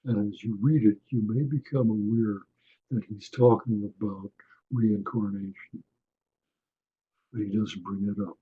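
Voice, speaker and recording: A man giving a webinar lecture, unhurried, often checking in with his listeners. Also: on the low side, steady tone, husky, phone-quality sound. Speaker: webinar presenter on attitudinal healing.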